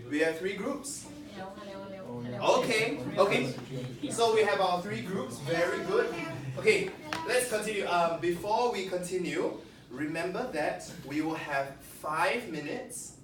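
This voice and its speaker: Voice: medium pitch, noisy background. Echoey distant workshop facilitator. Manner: animated, coaxing, asks the group questions. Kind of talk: teaching a workshop. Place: large room with a group of participants. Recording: echoey room, picked up from a distance.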